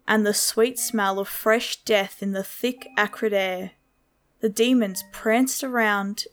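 A woman narrating a horror story in a slow, measured storytelling manner. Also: mid-range voice.

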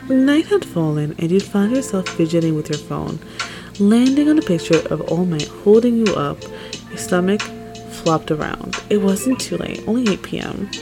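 A woman reading a second-person fan romance story aloud in an expressive, lively way. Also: fairly low pitch, moderate pace. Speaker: fan fiction reader. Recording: music playing behind the voice.

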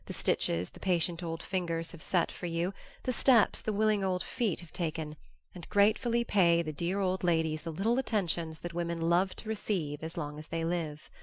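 A woman narrating an audiobook in a measured, gently earnest way. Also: lowish voice, no room sound. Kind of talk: audiobook reading.

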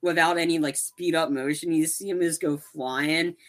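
Casual podcast co-host, male, bright tone, rambling and animated, stumbles and restarts often. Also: a little high, moderate pace. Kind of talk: casual movie recap chat.

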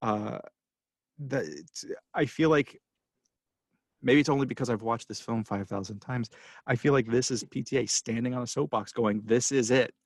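A man's voice: mid-range voice, normal speed, no echo, clean studio sound. A man hosting a casual film podcast, talking passionately and rambling with restarts as he gets emotional. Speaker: podcast host.

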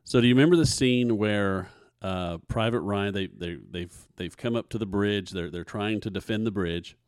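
Guy hosting a faith podcast, low-ish voice, earnest and preachy, keeps repeating words, dry close mic. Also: normal speed, a little mellow, dry recording. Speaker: podcast host. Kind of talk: casual faith podcast talk.

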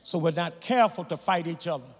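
A man preaching a sermon as guest preacher in a large church, his rhythmic delivery swelling into shouted, sung cadences. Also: fairly high pitch, fast, husky. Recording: echoey hall, faint room ambience.

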